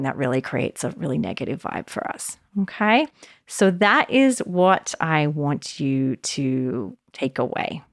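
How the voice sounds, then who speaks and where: A woman hosting a solo podcast in a casual, animated way, with lots of fillers. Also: deep voice, no room sound, clean studio sound. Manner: casual, warm and animated, many "like" and "you know" fillers. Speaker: podcast host.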